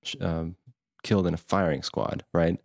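A man with a very deep, gravelly voice talks casually about a film as a podcast co-host. He pauses often and fills with "um" and "you know." The sound is dry and close. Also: level tone, dry recording. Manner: hesitant, many fillers and pauses. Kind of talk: casual movie discussion.

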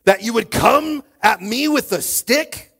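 A preacher putting on a roaring scornful giant. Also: male voice, lively intonation, sharp tone, slightly rough, exaggerated voice. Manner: slow booming roar.

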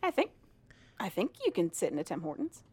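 A woman's voice: on the low side, huge pitch swings, a little fast, darkish tone, a little hiss or hum. A married woman co-hosting a podcast, chatting casually and retelling a story, laughing often and swearing freely. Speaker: podcast co-host. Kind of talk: casual chat retelling a book plot.

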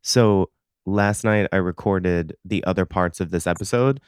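A man hosting a podcast, talking in a relaxed, reflective way and swearing casually. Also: deep voice, a little slow, smooth, no echo, clean studio sound. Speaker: podcast host. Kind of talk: casual conversation.

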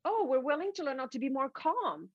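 A woman with a French Canadian accent voicing a fussy, chatty inner personal assistant who exclaims quickly and sounds bewildered. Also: high-pitched, big pitch swings, dry recording, pitched above the performer's own voice. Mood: eager. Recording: dull lo-fi dry recording.

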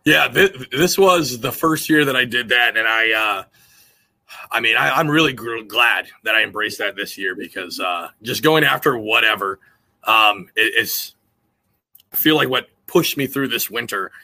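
Gravelly, sharp-voiced man guest. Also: medium pitch, expressive, moderate pace. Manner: chatty, many restarts and fillers. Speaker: podcast guest, angler. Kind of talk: casual chat.

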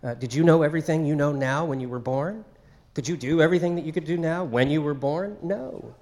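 A man's voice: on the high side, fairly quick, darkish tone. A man preaching a sermon in a conversational way, acting out quoted speech. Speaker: pastor.

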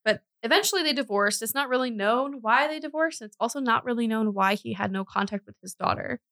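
Gravelly young woman telling a crime story. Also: fairly high pitch, a little fast, fairly bright tone, no room sound. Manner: chatty, with frequent fillers and self-corrections. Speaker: podcast co-host. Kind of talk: casual true-crime storytelling.

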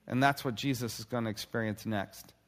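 A man preaching a sermon in an earnest voice, slowing down and pausing for dramatic emphasis. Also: medium pitch, long reverb tail. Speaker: pastor.

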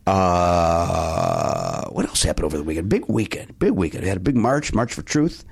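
A man's voice: deep voice, big pitch swings, normal speed, creaky, slightly rough. A man co-hosting a podcast in casual chat, rambling and trailing off mid-sentence with a mock-exasperated edge. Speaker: podcast co-host.

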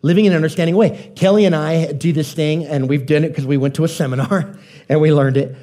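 Mellow-voiced preacher telling folksy stories. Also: male voice, a little high, steady tone, fast talker. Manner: folksy storytelling, asks the audience questions. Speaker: pastor. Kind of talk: conversational sermon.

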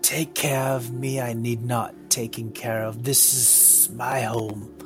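A man voicing an ancient female snake creature who guards her temple, speaking slowly, quietly and imperiously in a tabletop game. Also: medium pitch, flat delivery, music in the background, pitched below the performer's own voice, close to an everyday voice. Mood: aloof. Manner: slow, hushed and imperious.

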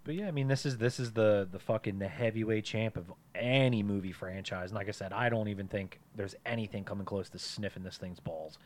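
Podcast co-host: man, slightly low voice, laid-back, rambling and crude. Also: brisk, few pauses. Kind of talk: casual podcast chat.

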